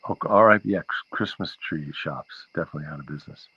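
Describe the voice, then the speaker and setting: A man's voice: very deep voice, quick pace, bright, forceful tone, breathy edge, no room sound. A man hosting a livestream from home, chatting casually and rambling from one aside to the next, recorded on a laptop microphone. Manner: rambling and easily sidetracked. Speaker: livestream show host. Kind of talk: casual chat with viewers. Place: home, near an outdoor porch area. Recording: dull lo-fi sound.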